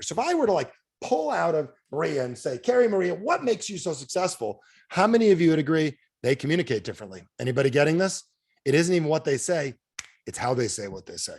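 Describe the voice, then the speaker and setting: A man running a sales training over a video call, animated, firing questions at his audience and acting out quotes in a higher voice. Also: fast, slightly rough. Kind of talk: energetic coaching talk.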